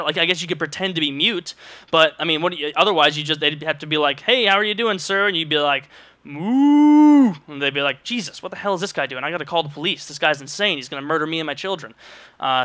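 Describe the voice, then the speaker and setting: Bright-voiced young man ranting sarcastically. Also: a little high, no room sound. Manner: sarcastic, exaggerated rants. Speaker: vlogger. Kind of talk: comedic ranting commentary.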